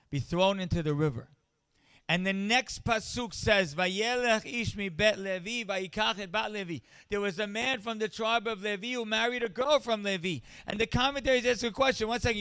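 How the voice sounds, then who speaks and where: A middle-aged male rabbi delivers a storytelling speech at a charity event, his voice high and notably clear. He builds from quiet anecdotes to impassioned emphasis. The sound is dry and close, with no room echo.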